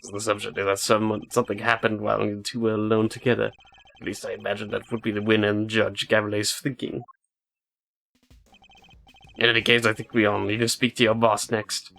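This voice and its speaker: A man voicing a cool, formal male prosecutor who speaks in a measured, quiet way. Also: on the low side, monotone, gravelly. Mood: composed.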